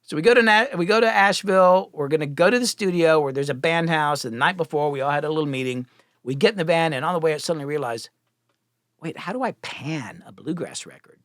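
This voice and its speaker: A middle-aged man, a music producer, telling stories as a podcast guest, animated and profane, acting out the people he quotes. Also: on the high side, quick pace, dry recording, studio quality. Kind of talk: casual storytelling.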